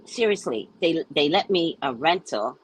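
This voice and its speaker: A woman hosting a casual livestream chat, telling rambling stories in an animated way and greeting viewers. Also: low voice, normal speed, husky, poor audio. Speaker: livestream host.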